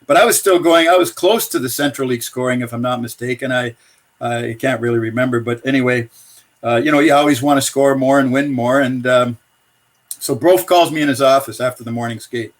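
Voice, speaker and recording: A man's voice: medium pitch, brisk. An older man, a former pro hockey player and coach, telling casual anecdotes and chuckling between them. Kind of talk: casual storytelling.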